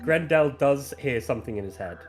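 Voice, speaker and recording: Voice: mid-range voice, expressive, fairly quick, soft background music. Laughing tabletop game master. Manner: laughs often, rules calls.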